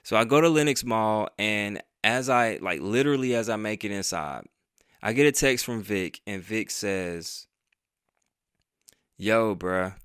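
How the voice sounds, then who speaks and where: Low-voiced man telling a story. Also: moderate pace, a bit bright, smooth, dry recording, studio quality. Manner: conversational and profane, retelling with quoted dialogue. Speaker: vlogger and podcaster. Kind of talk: casual storytime monologue.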